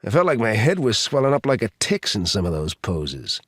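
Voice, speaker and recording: A man's voice: lowish voice, sing-song, brisk, slightly rough, dry recording. A male narrator voicing a joking, easygoing man in his mid-forties.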